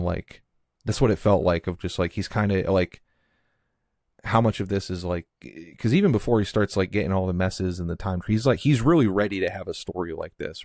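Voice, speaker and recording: A man with a very deep voice hosts a casual movie podcast, thinking out loud in long, meandering sentences full of fillers and restarts. His voice sits close and dry, with no room sound around it. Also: vocal fry, dry recording. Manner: rambling, heavy use of "like" and restarts. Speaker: podcast host.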